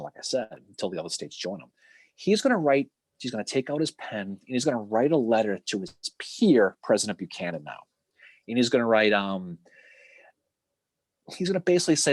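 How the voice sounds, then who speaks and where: A man co-hosting a casual history podcast, retelling events with lively acted-out quotes and casual swearing. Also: medium pitch, husky, no room sound. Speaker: podcast co-host.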